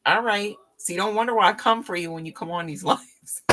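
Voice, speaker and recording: A woman's voice: mid-range voice, sharp tone, a little hiss or hum. A woman reading tarot on a live stream, chatting casually with viewers, laughing often and teasing them. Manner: slow, drawn-out speech with fillers.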